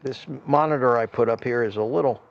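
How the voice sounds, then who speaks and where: Older male stream host, gravelly, chatty and meandering; muffled home-desk recording. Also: medium pitch, fairly quick, a little hiss or hum. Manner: reads chat aloud, thanks viewers, rambling. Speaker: livestream host. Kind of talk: casual livestream chat.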